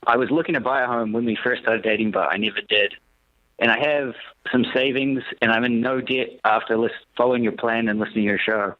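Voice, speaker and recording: A man's voice: medium pitch, fairly quick, no room sound. A young man calling in to a radio show, polite and a little hesitant. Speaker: caller. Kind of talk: phone call to a radio show. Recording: dull phone line.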